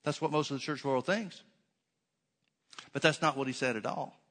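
A man's voice: mid-range voice, normal speed, a bit bright. Emphatic male preacher at a church. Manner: emphatic preacher who asks rhetorical questions and repeats for effect. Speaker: pastor. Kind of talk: sermon.

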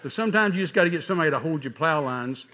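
A man preaching a sermon, animated, rising to shouts at its peaks. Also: fairly high pitch, racing. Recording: long hall reverb.

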